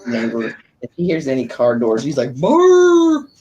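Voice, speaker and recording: A woman chatting casually with friends on a live stream, animated and quick to laugh. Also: very deep voice, slightly rough, dull audio. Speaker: stream participant. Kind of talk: casual group chat.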